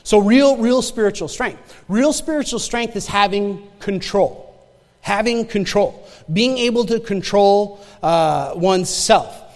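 A man with a high voice preaches a sermon, telling stories in a loose, conversational way. He often stumbles, restarts and doubles his words, and keeps turning to the congregation with direct questions. His voice rings out with the long reverb of a big hall. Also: measured pace, a little mellow. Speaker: pastor.

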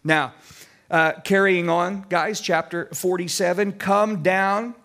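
A Midwestern man preaching an expository sermon, slowing to stress scripture and turning to chatty asides to the congregation. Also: sits high, fairly even intonation, fairly bright tone. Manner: deliberate preaching, slows to stress scripture quotes. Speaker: pastor.

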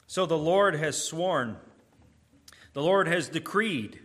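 A man preaching a sermon, emphatic, swinging between booming declarations and hushed, slow asides. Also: lively intonation.

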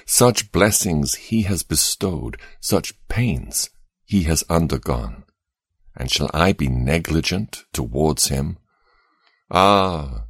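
A man giving a slow, solemn, earnest devotional reading, with measured emphasis. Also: very deep voice, slightly rough, dry recording, clean studio sound. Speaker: devotional reader.

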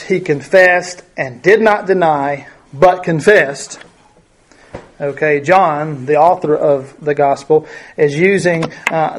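A man with a voice on the high side leads a Bible study lesson. He reads verses aloud and explains them conversationally, using lots of fillers and rhetorical questions.

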